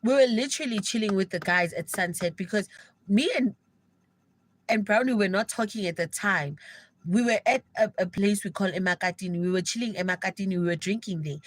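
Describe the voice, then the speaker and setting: A young South African woman telling an animated, gossipy story to viewers of her live stream in casual slang. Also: mid-range voice, rough recording. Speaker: livestreamer.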